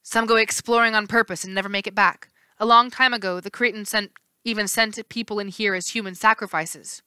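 Woman playing a brainy teen girl, firm and brisk, bright voice, dry close sound, storybook. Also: mid-range voice, steady tone, clear, resonant tone, no room sound, close to an everyday voice. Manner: firm, brisk, matter-of-fact. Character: brainy teenage girl leader, brisk and sure.

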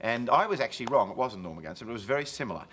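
Animated man telling a comic story. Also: mid-range voice, very fast, husky. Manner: animated storyteller, acts out quotes, laughs often. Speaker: comedian and talk show guest. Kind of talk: anecdotal storytelling on a TV chat show. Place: television studio. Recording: noisy 1980s TV broadcast audio.

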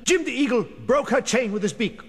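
A man reading a children's story aloud in a playful, animated way. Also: very high-pitched, a little fast, husky, soft background music.

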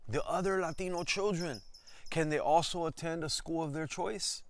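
A man's voice: a little high, moderate pace, slight background noise, pitched above the performer's own voice, natural voice. A man reading as a determined storybook father. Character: determined father standing up to school officials.

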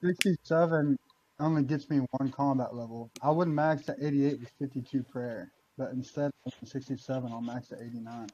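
A man in his thirties joins the voice chat from his phone, halting and defensive, pushing back in an everyday mid-range voice. He sounds like a regular player caught on the back foot, not a performer. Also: medium pitch, fairly even intonation, a little mellow, dull audio. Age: 30s. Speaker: voice-chat participant. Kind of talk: argumentative casual chat. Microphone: mobile phone on voice chat.

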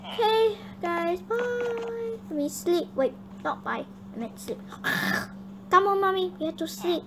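High-pitched kid girl gaming, chatty and excitable, noisy recording. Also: fairly quick. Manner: excitable, chatty, bossy toward her partner. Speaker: gaming channel host. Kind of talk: casual gameplay chat.

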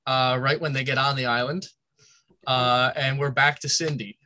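Man host, eager, fumbling questions, sharp bright voice. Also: medium pitch, level tone, moderate pace, slight background noise. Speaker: interview host. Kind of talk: casual interview.

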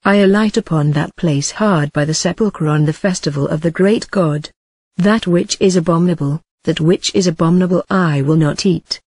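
Husky synthetic voice reading ancient text. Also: mid-range voice, normal speed, no room sound. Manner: reads punctuation aloud, even recited cadence. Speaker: audiobook reader. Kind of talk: scripted narration of an ancient text.

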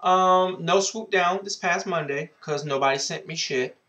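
This advice vlogger's voice sits fairly high and has a sharp edge. Talking dating tips casually, he's sassy, outspoken and quick to swear, repeatedly dragging out his signature greeting.

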